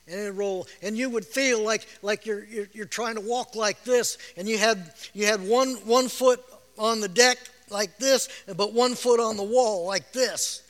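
A man preaches with a very high, bright and forceful voice, tells the story with feeling and breaks into shouts. He often repeats himself and laughs softly. Every word rings with the long reverb of a big church hall. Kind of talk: sermon.

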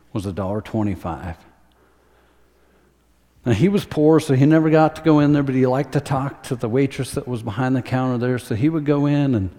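Mellow-voiced preacher in a reverberant hall. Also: male voice, mid-range voice. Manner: earnest storytelling, slowing and softening for emphasis. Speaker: pastor. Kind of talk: sermon.

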